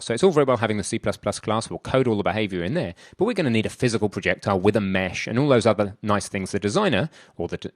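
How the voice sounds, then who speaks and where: Male tutorial instructor, low-pitched, dry close sound, chatty and thinking aloud at the keyboard. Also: no echo. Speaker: programming instructor. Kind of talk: screen-recorded coding tutorial.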